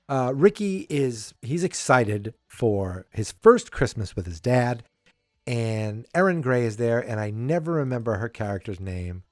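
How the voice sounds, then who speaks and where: Brief: male podcast host, middle pitch, rambling casual recap, dry close sound, faint music underneath. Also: a little mellow, dry recording. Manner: rambling, chatty, with many fillers and wry asides.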